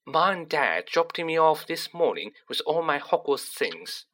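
Man doing a precise bookish teen girl witch, raised pitch, lively. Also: a little slow. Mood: earnest. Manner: precise, serious, slightly lecturing. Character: earnest, studious teenage girl witch.

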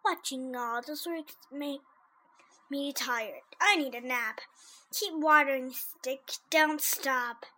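A woman's voice: sits high, slow pace, bright, forceful tone, exaggerated voice. A woman voicing a tricky, lazy male spider who chants spells in a storybook. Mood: sleepy.

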